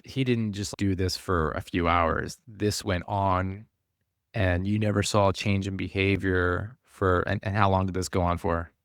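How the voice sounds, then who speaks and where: Male host, very low voice, clarifying questions, dry sound. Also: fairly even intonation, unhurried, fairly bright tone, no room sound. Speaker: podcast host.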